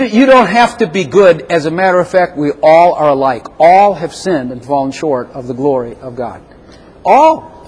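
Husky-voiced man preaching animatedly. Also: fairly high pitch. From Chicago. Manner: animated, acts out little dialogues in raised voice. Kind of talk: sermon.

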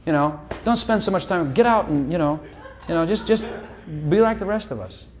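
A man's voice: sits high, lively intonation, moderate pace. A middle-aged man preaching a sermon in a conversational, teasing way, often breaking off to ask "hello".

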